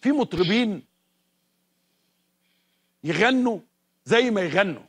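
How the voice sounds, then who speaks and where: A man's voice: high-pitched, animated, fast talker. A man with an Egyptian accent giving an emphatic, building TV introduction as a presenter. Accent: Egyptian Arabic. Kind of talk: TV introduction speech.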